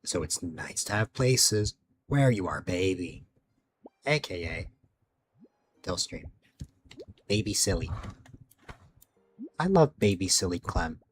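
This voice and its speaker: A man's voice: sits low, sing-song, slow, long pauses, slight background noise. A man streaming late at night, chatting casually with viewers, sleepy and rambling, losing his words.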